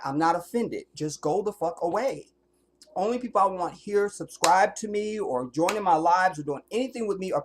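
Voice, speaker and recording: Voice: mid-range voice, darkish tone, slight background noise. A livestreamer ranting bluntly and profanely to viewers, preaching about life and relationships. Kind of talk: livestream rant.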